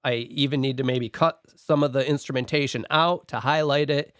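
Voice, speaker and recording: A man with a medium-pitched voice works through a list of notes in a relaxed, methodical podcast chat. The sound is close and dry, with no room around it. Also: normal speed, smooth, dry recording. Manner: methodical, talks through his notes point by point. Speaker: podcast co-host and song producer. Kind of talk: casual podcast discussion.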